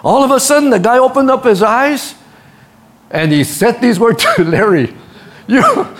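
High-voiced animated male preacher. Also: normal speed. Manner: animated storytelling, acts out quotes, laughs at his own stories; addresses the congregation directly. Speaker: pastor. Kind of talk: sermon.

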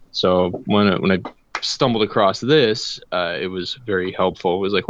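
A man guesting on a podcast, telling how his shop's work came about in a relaxed, easy way. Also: deep voice, brisk, lo-fi sound. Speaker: guest knife maker. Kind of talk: casual chat.

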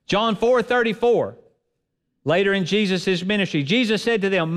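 High-voiced male preacher in a reverberant hall. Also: animated, normal speed, a bit bright. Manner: earnest, emphatic, repeats phrases for effect. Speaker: pastor. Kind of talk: sermon. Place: church sanctuary.

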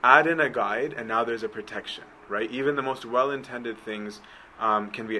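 In a poor-quality recording with a bit of hiss or hum, a preacher's medium-pitched, sharp-toned voice moves a little fast. He keeps his sermon conversational, repeatedly asking listeners "right?"

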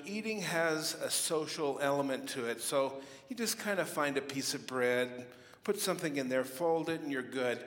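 Middle aged guy preaching, kinda high voice, jokey storyteller, big echoey church hall. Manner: humorous storytelling, animated with playful mock voices. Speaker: pastor. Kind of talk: sermon. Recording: reverberant hall.

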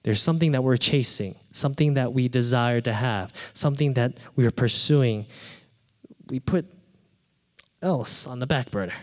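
A man preaching a sermon, telling a personal story with animated delivery and acting out his own quoted thoughts. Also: medium pitch, normal speed. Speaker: pastor. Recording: reverberant hall.

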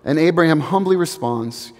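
A man in his thirties delivers a sermon in an earnest, reflective way, letting key phrases fall to a hush. His voice sits a little high. The sound carries the long reverb of a large sanctuary. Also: animated. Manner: earnest, reflective, building slowly to hushed emphasis. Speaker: pastor.

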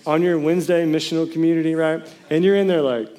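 Animated man preaching a casual sermon. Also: a little high, quick pace, few pauses. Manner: animated, jokey storytelling with sudden loud bursts. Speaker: pastor.

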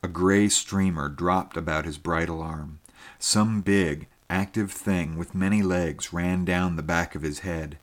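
A man reading a story aloud with a very deep, low voice. His delivery is measured and steady, carrying long descriptive passages at an even keel. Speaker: audiobook narrator. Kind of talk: scripted narration.

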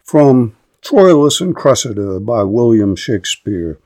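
Man explaining a play, clear and unhurried, dead dry recording. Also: mid-range voice, sing-song, a little mellow, dry recording. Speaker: literature lecturer. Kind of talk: explaining and reading a play aloud.

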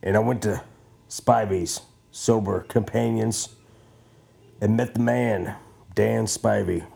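A man's voice: on the low side, fairly even intonation, slow pace, gravelly, warm tone, breathy edge. A man hosting a podcast, rambling casually in a profane, joking, self-mocking way at home. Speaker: podcast host.

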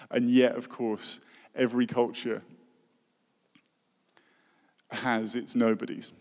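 A man's voice: mid-range voice, little pitch movement, slow, long pauses, a little mellow. A man preaching a sermon in an earnest tone, with dry humor and rhetorical questions. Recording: reverberant hall.

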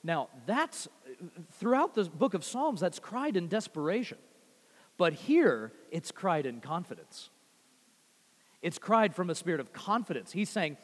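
A man preaching a sermon with animated delivery, swinging from loud rising phrases to quiet low ones and often repeating words. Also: unhurried. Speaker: pastor. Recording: long reverb of a large hall.

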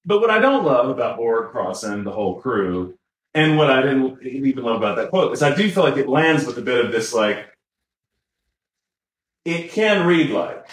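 A man's voice: mid-range voice, sing-song, moderate pace. A man co-hosting a podcast in casual chat, rambling and correcting himself with lots of fillers and chuckles. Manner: chuckles while talking. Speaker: podcast co-host. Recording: roomy echo.

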